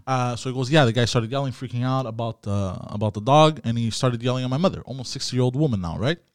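Podcast host, male, mid-pitched, chatty and profane, dry studio mic. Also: fast, no echo. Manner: rambling, profane, animated storyteller. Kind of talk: casual storytelling chat.

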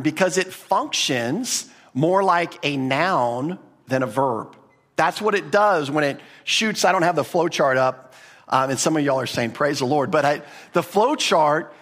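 A man's voice: a little high, a bit bright. Man teaching in a reverberant hall. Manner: conversational, repeats words and restarts often. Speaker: pastor teaching a Bible class. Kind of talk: teaching sermon.

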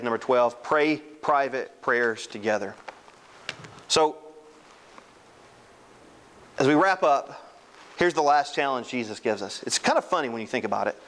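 A man's voice: medium pitch, fairly bright tone, a little hiss or hum, rough recording. A man preaching a sermon as a pastor, earnest and emphatic.

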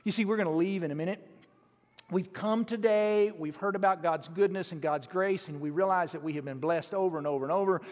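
A man delivers a sermon from the pulpit, spinning a folksy story with animated bursts and frequent restarts. His voice sits fairly high for a man. The sanctuary gives it a long, ringing reverb. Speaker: preacher. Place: church sanctuary.

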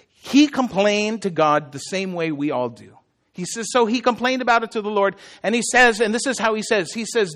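A male pastor preaching a sermon in an animated, conversational way, often asking his listeners questions. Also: high voice, a little fast.

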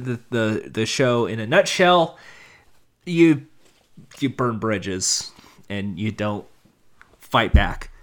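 A man giving a casual, opinionated commentary monologue, thinking aloud with frequent restarts. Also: fairly high pitch.

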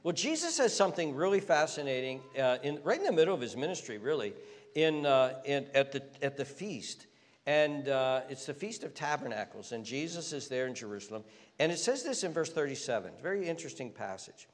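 A man preaches a sermon in earnest, often restarting his phrases and climbing higher when he drives a point home. His voice sits fairly high. A long reverb trails each phrase, as in a large church hall. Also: big pitch swings, a little fast. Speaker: pastor.

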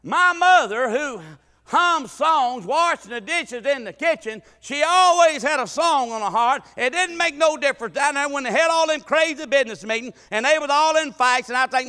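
Preacher man, real high bright voice, folksy stories, stammers and restarts, long church hall echo. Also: animated, normal speed. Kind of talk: sermon with storytelling.

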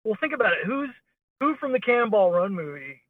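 A man's voice: sits high, very animated, fairly quick, no room sound. A man in casual chat, telling rambling stories in a wry, blunt way over a call. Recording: tinny phone line.

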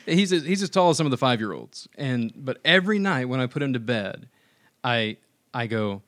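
A man co-hosting a podcast, giving relaxed advice in a casual chat. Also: medium pitch, normal speed, no room sound, clean studio sound. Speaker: podcast co-host.

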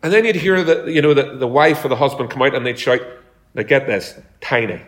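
A man's voice: mid-range voice, fairly quick, fairly bright tone. A man preaching a sermon as pastor, talking in a conversational way and telling homely stories. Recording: echoey room.

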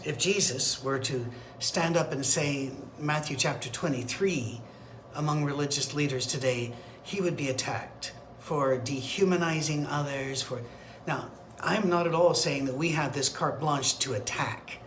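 A man's voice: on the high side, unhurried, a bit bright, a little hiss or hum. A man leading a midweek Bible study, teaching in a conversational, digressive way with fillers and restarts. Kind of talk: informal teaching sermon. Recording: roomy echo, faint ambience.

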